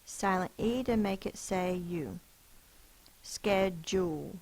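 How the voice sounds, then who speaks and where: A woman teacher giving a phonics lesson, sounding out words slowly and carefully. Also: mid-range voice, rough recording.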